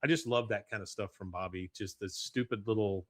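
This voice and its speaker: A man hosting a podcast, casually recapping an episode in an animated way and often chuckling. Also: fairly low pitch, brisk, dry recording. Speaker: podcast host.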